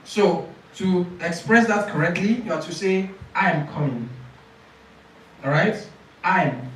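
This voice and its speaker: A male IELTS speaking coach teaches a class. His voice sits slightly high and reaches the mic from a distance. It rings through a very echoey room while he models answers and checks whether students follow. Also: measured pace, a little hiss or hum. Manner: repeats phrases, asks "Do you understand?".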